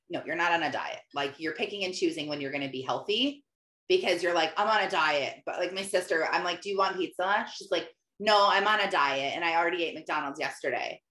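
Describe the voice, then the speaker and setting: A woman hosting a casual live call, telling stories in an animated way and acting out her own lines with big jumps in pitch. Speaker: host, life coach. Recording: echoey room.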